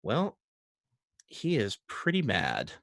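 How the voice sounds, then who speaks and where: Lively, animated male game master. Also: on the low side, slow, dry recording. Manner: animated, chuckling narration with frequent ums. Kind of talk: narrating a tabletop game livestream.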